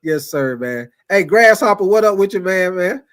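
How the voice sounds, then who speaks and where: A man hosting a sports livestream in casual chat, reading super chats and answering viewers by name, animated and repetitive, laughing often. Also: high voice, normal speed. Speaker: sports talk livestream host.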